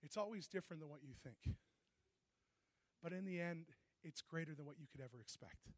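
A man preaching with a high, bright pitch and bursts of laughter as he tells stories into a handheld mic. The sound is dry and close, with no room echo. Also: brisk. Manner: animated storytelling, bursts of laughter. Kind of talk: sermon.

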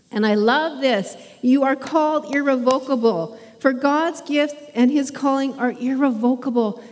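A woman's voice: fairly high pitch, darkish tone. Woman preaching in a reverberant hall. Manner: conversational with laughs and fillers. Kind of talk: sermon.

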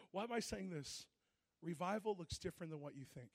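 A man preaching a sermon into a handheld mic, telling stories with animated energy and frequent laughter. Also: sits high, dry recording. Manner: animated storytelling, bursts of laughter.

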